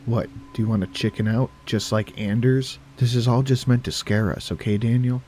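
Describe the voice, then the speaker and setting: A man voicing a reckless teenage boy who talks back with calm, defiant precision. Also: mid-range voice, moderate pace, slight background noise, voice pushed up, natural voice.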